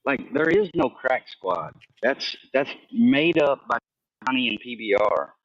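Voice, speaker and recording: A man's voice: medium pitch, sing-song, unhurried, fairly bright tone, dry recording. Hesitant man on a distant, dull line. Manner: repeats words while searching, hesitant. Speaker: livestream guest. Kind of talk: casual livestream talk.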